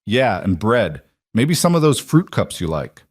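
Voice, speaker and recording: A man's voice: on the low side, big pitch swings, a little slow, slightly rough, no echo, clean studio sound, heavily acted. A man voicing a weary, struggling single father who talks in a strained, held-together way. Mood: weary, pleading. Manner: strained, holding himself together.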